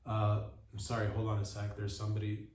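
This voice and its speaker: A man's voice: on the low side, monotone, a little mellow, slight background noise. A man hosting a comedy podcast, rambling through an improvised bit and cutting himself off mid-sentence. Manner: rambling, self-interrupting, quick asides. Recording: roomy, voice far from mic.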